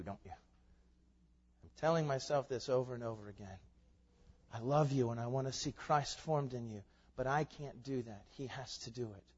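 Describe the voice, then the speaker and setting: A man's voice: medium pitch, slightly rough. Man preaching in a long-echoing hall. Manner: swings from quiet asides to loud emphatic climaxes. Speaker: pastor. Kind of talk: sermon. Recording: long reverb, dull lo-fi sound.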